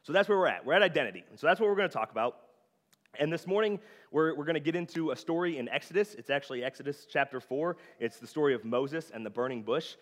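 A man's voice: a little high, expressive, quick pace. A young man giving a casual, conversational sermon, full of filler words, in a church sanctuary. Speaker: preacher. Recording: long hall reverb.

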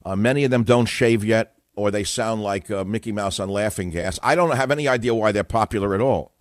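A man's voice: lowish voice, fairly quick, dry recording, studio quality. An older man hosting a call-in radio talk show, opinionated, emphatic and self-assured, combative in his monologues.

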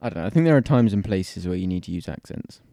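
A man's voice: sits low, animated, fast talker, creaky, warm tone, no room sound, clean studio sound. A man co-hosting a podcast in casual chat, laid-back and wry, often laughing. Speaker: podcast co-host.

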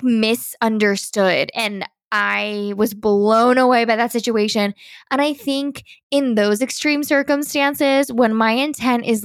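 A young adult woman hosting her own podcast, talking in a chatty, animated way with lots of "like" fillers. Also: on the high side, vocal fry, no room sound, studio quality. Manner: chatty and animated, heavy use of "like". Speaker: podcast host. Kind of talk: casual solo podcast monologue.

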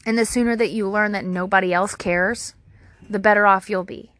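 A woman's voice: medium pitch, fairly even intonation, normal speed, a bit bright, dry recording. A woman talking straight to camera outdoors at her home, giving casual advice in a candid, rambling way and swearing freely. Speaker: vlogger.

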